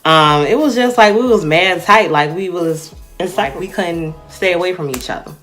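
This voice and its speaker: Bright-voiced chatty young woman storyteller. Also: on the low side, moderate pace, faint music behind. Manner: chatty, animated, addresses viewers as y'all. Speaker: vlogger telling a story. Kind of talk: casual storytime monologue.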